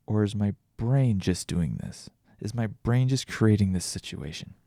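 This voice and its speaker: Recorded in studio quality with no room sound, a tired solo podcast host speaks in a lowish, gravelly, dark voice. He's animated yet keeps a measured pace while he rambles, thinks aloud and restarts many times in casual reflection.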